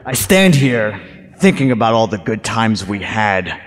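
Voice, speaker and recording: A man playing a slow, shouty ninja wrestler. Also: on the low side, big pitch swings. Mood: nostalgic. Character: cheerful male ninja wrestler with a grudge. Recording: reverberant convention hall.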